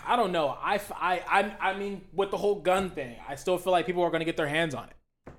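A young man with a high voice co-hosting a casual podcast. He argues with animated emphasis, repeats phrases for effect and swears freely. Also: fast talker. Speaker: podcast co-host. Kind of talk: casual debate chat.

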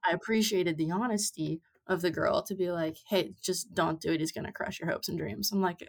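Low-voiced young woman telling stories. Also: steady tone, a little fast, vocal fry, hardly any pauses. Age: 20s. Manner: chatty storytelling with many fillers. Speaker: podcast guest, amateur rider. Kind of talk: casual interview chat.

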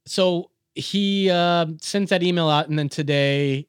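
A man's voice: on the high side, unhurried, clean tone, no room sound, studio quality. Swearing man ranting about work. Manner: ranting, swears a lot, animated storytelling. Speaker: podcast co-host. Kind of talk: casual profane chat.

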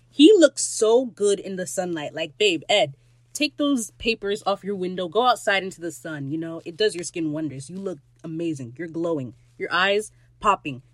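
A podcast host recapping an episode in a casual solo rant, excitable and gushing, swearing freely and swinging between loud squeals and low asides. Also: no room sound.

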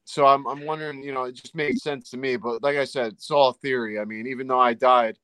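A man hosting a casual podcast, musing out loud in a rambling way with many fillers. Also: medium pitch, steady tone, a little fast, clean tone, dry recording. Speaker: paranormal podcast host. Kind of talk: casual chat.

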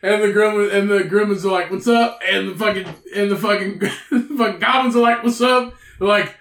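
A man's voice: high-pitched, fairly even intonation, a little fast, fairly bright tone, roomy sound. A man co-hosting a podcast, telling a profane, rambling story in casual banter and laughing often. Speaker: podcast co-host. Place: room indoors.

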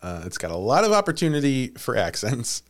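Playful, animated male podcast host. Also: mid-range voice, brisk. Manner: playful storyteller, laughs often. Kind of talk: casual comedic podcast chat.

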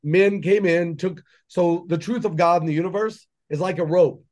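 This man speaks in a notably high register for a male voice. He delivers a fervent, preachy monologue as a podcast guest, piling up rhetorical questions to drive his point home. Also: moderate pace, darkish tone. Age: adult with children. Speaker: podcast guest, entrepreneur and mentor. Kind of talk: impassioned conversational monologue.

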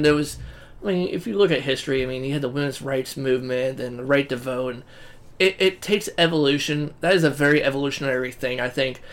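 A man co-hosting a podcast in casual chat, rambling and swearing freely. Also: mid-range voice. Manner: rambling and profane. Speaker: podcast co-host.

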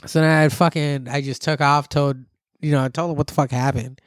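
A man telling a story in casual chat, animated and profane, who acts out what others said. His voice sits a little high and sounds dry and close to the mic. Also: brisk, no echo.

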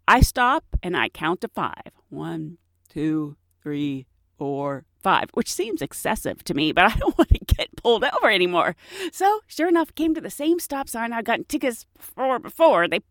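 A woman's voice: a little high, very animated, moderate pace, no room sound, studio quality. A woman hosting her own show, telling a personal story in a chatty, self-mocking way and laughing often. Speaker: podcast host.

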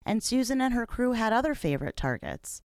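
A woman hosting an investigative podcast, reading scripted narration in a measured, serious manner. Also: on the high side, very animated, clean tone, no room sound, studio quality. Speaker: podcast host.

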